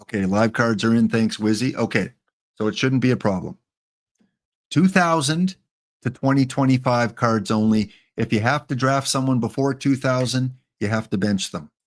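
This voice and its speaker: A man's voice: medium pitch, normal speed. A man hosting a live game stream, chatting casually with viewers by name and reading out the rules.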